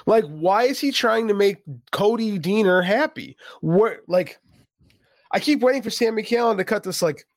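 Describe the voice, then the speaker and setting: A man's voice: sits high, expressive, moderate pace, no echo, studio quality. A man co-hosting a casual wrestling podcast, exasperated and sarcastic, swearing freely. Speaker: podcast co-host.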